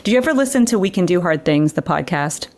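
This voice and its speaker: A woman guest on an interview show, an educator, explaining brain science in a lively conversational way. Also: on the low side, fast. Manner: animated explainer who acts out quotes. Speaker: guest educator and former children's TV director.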